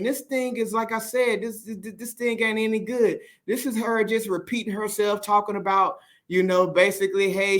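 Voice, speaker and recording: A man with a high, sharply bright voice delivers unscripted political commentary on a stream. He talks emphatically, circling back to repeat his points and often restarting mid-sentence. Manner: emphatic and repetitive, restarts a lot.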